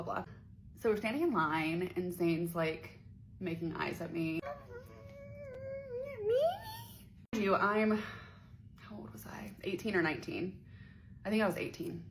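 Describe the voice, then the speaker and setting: A woman's voice: on the low side, fairly bright tone, slight background noise, poor audio. A young woman from the Pittsburgh area telling a personal story in a chatty, profane way, acting out quoted voices. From Pittsburgh area, USA. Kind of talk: casual storytime vlog.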